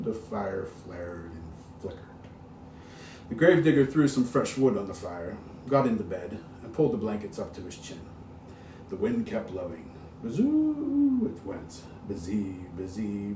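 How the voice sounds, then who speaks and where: A low, mellow male storyteller reads a spooky tale with dramatic flair and spoken sound effects. The voice lands from a distance in a roomy space. A faint hiss runs underneath. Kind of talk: read-aloud ghost story.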